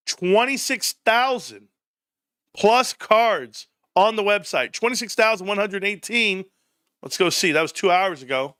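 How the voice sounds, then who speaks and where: A man hosting a stock livestream, excitable and profane, often laughing and shouting. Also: high voice, dry recording, clean studio sound. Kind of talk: livestream commentary.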